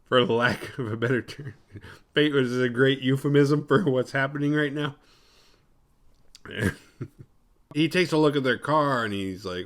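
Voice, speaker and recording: A man's voice: mid-range voice, a little slow, pauses often. A man hosting a horror movie podcast, recapping a film in a rambling, profane, sarcastic way.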